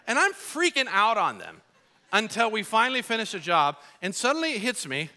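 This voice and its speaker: A middle-aged man preaching a sermon as pastor, earnest and animated, acting out his own frustrated outbursts when he tells stories. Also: sits high, quick pace.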